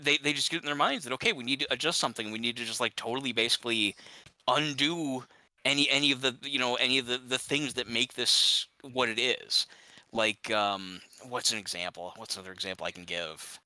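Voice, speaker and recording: A man's voice: mid-range voice, brisk, bright, forceful tone, no echo, rough recording. A man chatting casually while gaming, ranting with exasperation and many restarts. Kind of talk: casual chat.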